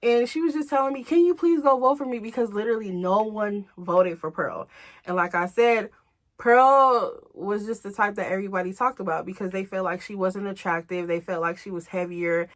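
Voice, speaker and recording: Chatty, blunt young woman telling a story. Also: medium pitch. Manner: chatty, blunt, swears freely. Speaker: storytime vlogger. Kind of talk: casual storytelling to camera.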